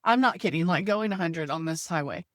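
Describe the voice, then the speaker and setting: A woman's voice: lowish voice, expressive, a little fast, dry recording, studio quality. A woman in her thirties telling her story as a podcast guest, talking earnestly and filling her speech with "like" and "you know.". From United States. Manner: faith-centered. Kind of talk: conversational storytelling.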